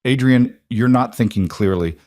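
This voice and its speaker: A man's voice: mid-range voice, moderate pace, a little mellow, no echo, clean studio sound, voice pushed up, close to an everyday voice. A man reading a story voices a scheming young wife who pleads and denies when caught. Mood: desperate. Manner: pleading, defensive.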